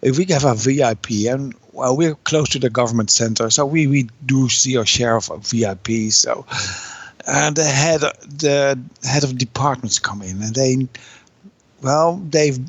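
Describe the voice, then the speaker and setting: A man's voice: medium pitch, no room sound, lo-fi sound. Brief: Dutch-accented male guest, earnest, plain mid voice, dry close mic. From Netherlands. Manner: earnest, halting phrasing with restarts. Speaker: guest, ER nurse. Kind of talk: conversational interview.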